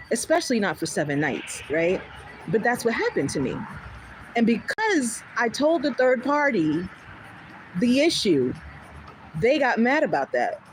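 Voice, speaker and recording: The livestream host's voice sits a little high, and the low-quality recording carries a slight hiss or hum. Casually and animatedly, she narrates a story, acting out the dialogue and laughing a lot as she goes.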